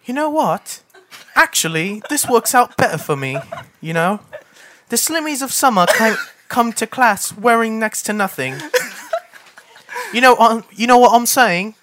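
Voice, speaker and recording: A man's voice: very high voice, expressive, unhurried, a bit bright, slight background noise, exaggerated voice. A man putting on a British accent to play a brash young man abandoned by his father, giggling through an amateur scene reading. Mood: giggly mock-British. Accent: put-on British. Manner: giggly, mock-British slang.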